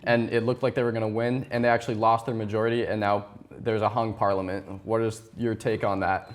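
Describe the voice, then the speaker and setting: A man's voice: lowish voice, flat delivery, a little fast. A teenage boy interviewing a teacher for a school TV show, polite and prompting. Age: teens. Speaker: student interviewer. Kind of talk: student TV interview.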